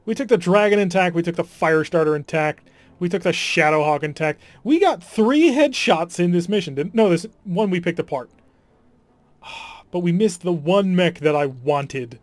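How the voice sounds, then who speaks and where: A man's voice: high voice, expressive, moderate pace, no room sound. A man commenting casually on his strategy game playthrough, chatty and wry, sighing at setbacks. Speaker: let's play host.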